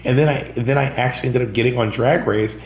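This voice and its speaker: A man from Georgia chats as a podcast guest, telling stories with animated delivery and voicing the people in them. His voice carries a roomy echo, with a faint hum underneath. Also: mid-range voice, fast. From Georgia, USA. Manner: animated, acts out other people's lines in quotes. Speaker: podcast guest, drag performer and comedian. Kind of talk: casual storytelling in an interview.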